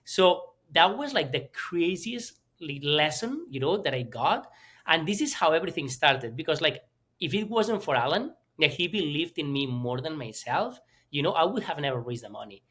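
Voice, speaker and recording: A man from Spain, a guest telling his story in an interview with animated restarts and fillers. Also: on the high side, normal speed, slightly rough. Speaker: entrepreneur guest.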